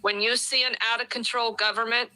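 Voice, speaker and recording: Bright, emphatic woman addressing viewers. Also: fairly high pitch, level tone, fairly quick, poor audio. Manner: earnest, emphatic.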